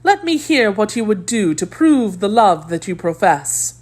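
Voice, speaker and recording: A woman's voice: mid-range voice, sing-song, measured pace, slightly rough, voice pushed up. A woman voicing a proud, manipulative noblewoman in an audiobook, coaxing and calculating. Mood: scheming. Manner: coaxing, calculating, softly haughty.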